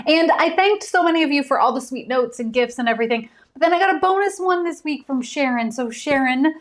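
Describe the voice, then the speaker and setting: An author hosting a casual live stream from home, chatty and giggly with many ums. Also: female voice, sits high, lively intonation, fairly quick.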